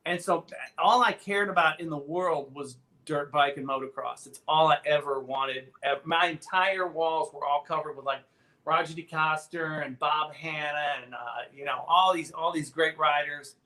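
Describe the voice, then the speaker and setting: A man in his fifties hosting a podcast, telling a childhood story in an animated, profane way and slipping into voices. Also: fairly high pitch, moderate pace. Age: 50s. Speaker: podcast host. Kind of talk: casual storytelling.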